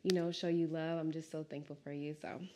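A woman hosting a casual interview, talking with lively, emotional bursts. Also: low voice, brisk, noisy background. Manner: warm, emotional, animated bursts. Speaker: podcast host.

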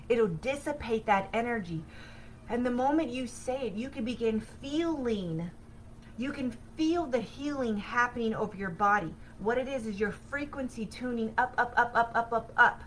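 A woman hosts a spiritual self-help talk with a slightly high voice. She tells her story in an animated way and breaks into sudden excited bursts. A faint hiss sits under the recording. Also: poor audio. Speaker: podcast host.

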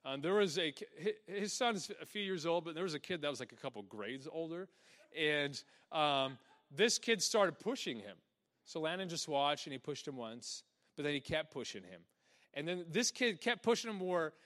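Young male pastor, slightly high voice, animated sermon delivery, laughs a lot, acts out quoted lines. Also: normal speed. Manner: energetic, laughing, acts out quotes in soft low voice.

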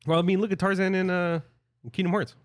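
A young man co-hosting a casual podcast, quick to agree and laugh. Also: high-pitched, flat delivery, dry recording, clean studio sound. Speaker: podcast co-host. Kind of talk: casual chat.

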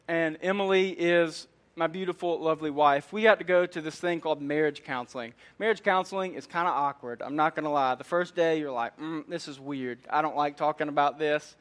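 A young man with a high voice delivers a sermon. He talks in a relaxed, chatty way and tells personal stories. He often drops in fillers like "man" and "like". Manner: casual, conversational preaching with storytelling. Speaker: preacher.

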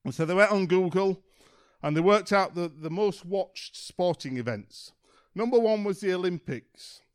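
A man's voice: high-pitched, lively intonation, moderate pace, clear, resonant tone. A man giving an informal church talk, telling a story in a chatty way with lots of ums. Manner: chatty storytelling, many ums and kind-ofs. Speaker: church speaker.

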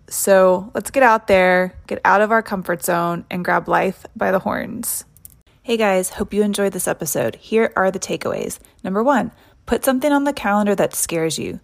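A woman's voice: mid-range voice, vocal fry. A young woman from Tennessee hosting a podcast, telling a personal story in a casual, reflective way and saying "like" often. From Tennessee, USA. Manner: casual, reflective, heavy use of "like". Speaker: podcast host.

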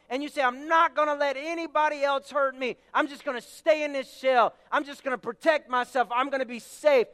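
High-voiced preaching man in a reverberant hall. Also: clean tone. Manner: emphatic preaching, repeating words, shouting key phrases. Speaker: pastor. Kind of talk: sermon.

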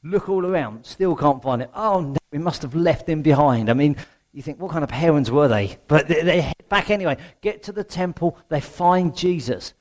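A man's voice: a little high, moderate pace, darkish tone. A middle-aged man preaching a sermon in a conversational way, often asking the congregation questions.

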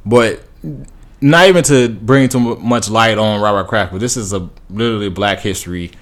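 A man's voice: on the low side, moderate pace. A man giving casual, rambling opinion commentary as a podcast host, with many fillers and restarts.

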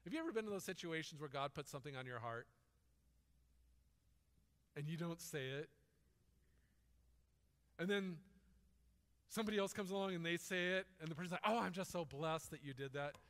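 A man's voice: a little high, moderate pace, long pauses, a bit bright, big-room sound. A man preaching a sermon in a conversational, storytelling way. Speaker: pastor.

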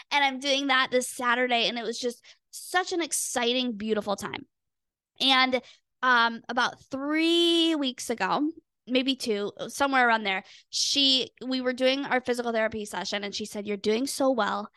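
A young woman hosting a podcast, telling a personal story in an earnest, expressive way and acting out her own past thoughts. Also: high voice, normal speed, clean tone, no room sound, clean studio sound. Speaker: podcast host and weight loss coach.

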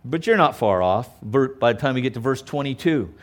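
A man's voice: medium pitch, expressive, fairly quick. A male pastor preaching a sermon in an emphatic, conversational way. He often stops to check in with the listeners.

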